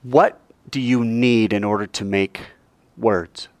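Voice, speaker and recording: A man teaching a Bible class, animated and quizzing the class with questions. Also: lowish voice, slow pace, no room sound.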